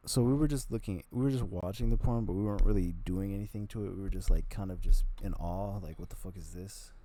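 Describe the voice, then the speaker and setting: A man's voice: fairly low pitch, quick pace, dark tone. A man telling a personal story on his video channel in a rambling, blunt way, swearing freely. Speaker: vlogger.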